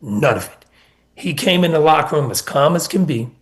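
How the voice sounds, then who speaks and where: This guest, a middle-aged man who was once a college basketball assistant coach, talks at a moderate pace in a slightly high voice during a sports radio interview. Earnest in his storytelling about past seasons, he hammers key points through repetition and answers in steady runs.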